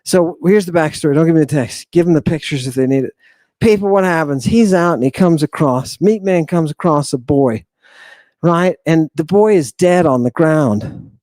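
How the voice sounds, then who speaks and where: A man's voice: a little high, normal speed, darkish tone, dry recording. A man hosting a livestream lecture, emphatic and sighing often, breaking into asides and checking that his audience understands. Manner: emphatic, keeps asking the audience if they understand. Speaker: host.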